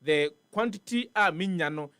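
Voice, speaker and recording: A man with a Ghanaian accent hosting a morning talk show, chiming in quickly and echoing his guest's words. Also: high voice, animated, bright, forceful tone, clean studio sound.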